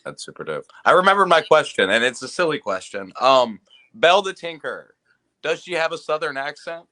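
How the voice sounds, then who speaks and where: Man, co-host, casual chat, playful, bright tense voice. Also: a little high, very animated, a little fast. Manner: playful, laughs often.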